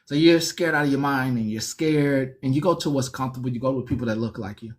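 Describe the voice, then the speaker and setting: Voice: mid-range voice, quick pace. A comic storyteller telling a jail story in a casual, conversational way. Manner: animated, conversational, laughs often.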